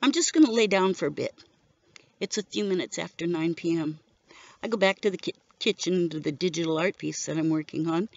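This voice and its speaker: In a dull, lo-fi recording without echo, a middle-aged widow with a fairly low voice gives an earnest personal testimony. She recounts her story steadily through her grief.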